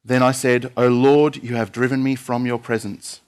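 A man's voice: medium pitch, level tone, normal speed, a little mellow, natural voice. A man reading as a prophet praying earnestly. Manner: earnest read-aloud prayer.

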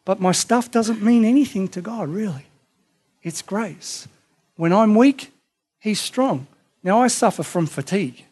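A pastor delivers a sermon with a fairly high voice. His preaching is emphatic and impassioned, with lines that surge louder and others that drop to near quiet. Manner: impassioned, emphatic preaching with sudden loud peaks and hushed drops.

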